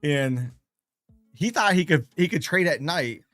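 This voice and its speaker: Chatty man with a brightish voice. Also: a little high, lively intonation, unhurried, no echo, faint music behind. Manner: chatty, laughs between stories, repeats phrases for emphasis. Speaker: day trader and live streamer. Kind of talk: casual storytelling on a live stream.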